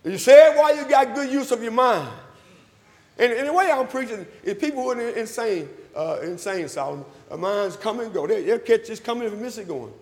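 A man preaching, his voice pitched very high for a man and ringing with the long echo of a church hall. He calls out to the congregation, repeats his lines and climbs to loud emphatic peaks. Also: expressive, fairly quick. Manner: call-and-response, repeats phrases, rises to loud emphatic peaks. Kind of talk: sermon with invitation call.

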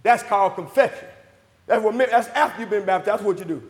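A high-voiced man preaches in a church, firing questions at his listeners and answering them himself. He swings from loud shouts down to near murmurs. The sound rings with a long hall reverb. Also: fairly quick. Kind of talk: sermon.

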